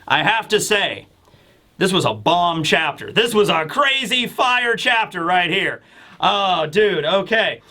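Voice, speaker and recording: A man hosting a casual manga chapter review, talking in an excitable, rambling way with casual swearing. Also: sits high, takes it slowly.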